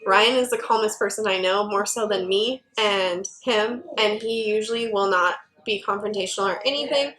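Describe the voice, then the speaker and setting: A woman who works at a game store tells a story in casual podcast chat, with an average pitch. She talks in an animated way and fills her sentences with "like." The talk is easygoing and conversational. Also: moderate pace, few pauses, rough recording. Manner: animated anecdote with many "like" fillers.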